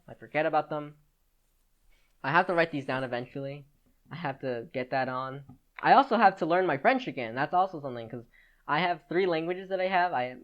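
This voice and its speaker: The audio is dull as a teenage boy with a fairly high voice hosts a solo podcast. He rambles chattily, leaning on "like" and other fillers and often restarting.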